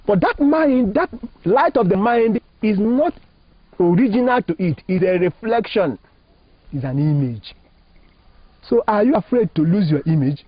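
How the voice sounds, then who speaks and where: A man's voice: sits high, expressive, unhurried, no echo. A man from Nigeria, a Catholic priest, teaching in an interview with an emphatic, preacherly manner and rhetorical questions. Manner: emphatic, preacherly, rising and falling phrasing, asks rhetorical questions. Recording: dull lo-fi dry recording.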